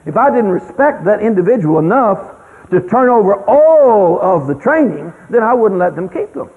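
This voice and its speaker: Older man, folksy emphatic storyteller, high and lively delivery, thin radio sound. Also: moderate pace. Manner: folksy, anecdotal, emphatic with sudden loud exclamations. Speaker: speaker on child rearing. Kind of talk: storytelling talk. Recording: tinny lo-fi radio broadcast with long reverb.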